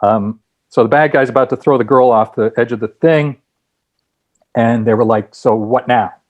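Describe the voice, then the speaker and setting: In a casual interview, a guest who writes screenplays and directs tells lively anecdotes, restarting his sentences often. His mid-range voice moves at a normal speed.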